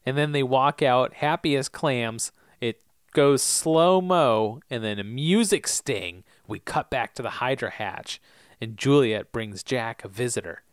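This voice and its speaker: A man's voice: mid-range voice, measured pace, smooth, dry recording, studio quality. A man co-hosting a podcast in casual chat, recapping TV episodes in a laid-back, joking way. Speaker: podcast co-host.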